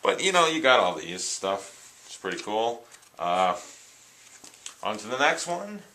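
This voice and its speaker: A man's voice: lowish voice, sing-song, a little slow, sharp tone, a little hiss or hum, low-quality recording. A man chatting casually on camera, rambling and enthusiastic as he reviews his new films. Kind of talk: casual unscripted vlog. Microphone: handheld camera, self-recorded.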